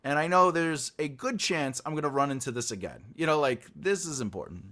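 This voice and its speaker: Animated man chatting on a livestream. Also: fairly high pitch, brisk. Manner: rambling, animated, reads chat replies aloud, laughs often. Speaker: writing livestream host. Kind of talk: casual livestream chat.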